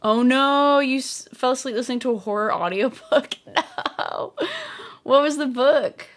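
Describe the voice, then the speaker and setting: A woman's voice: high voice, normal speed. A woman live streaming while crafting, chatting casually and reading viewer comments aloud. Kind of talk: casual livestream chat.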